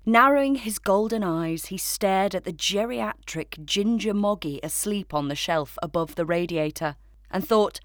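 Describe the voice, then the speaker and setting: A woman narrating a children's story in a gentle, measured way. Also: medium pitch, no room sound, studio quality.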